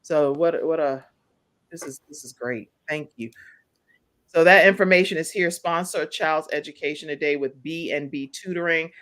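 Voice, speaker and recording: A woman hosting a live talk show, upbeat and encouraging, spelling out details slowly for her listeners. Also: sits low, fairly bright tone.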